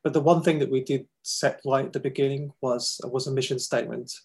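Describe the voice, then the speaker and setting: A foundation founder, interviewed as a guest, gives earnest, halting testimony and pauses often to find his words. His gravelly, husky voice barely rises or falls, staying steady and a little mellow, and the recording is rough.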